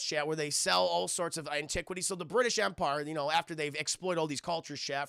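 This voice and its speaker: A man streaming a casual film review, animated and profane, constantly talking to his chat. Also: sits high, creaky, no echo, clean studio sound.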